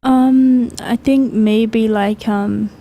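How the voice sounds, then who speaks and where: A woman's voice: on the high side, fairly even intonation, drawn-out words, dark tone. A young woman co-hosting a youth radio discussion, speaking hesitantly with many fillers into a studio microphone. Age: young adult.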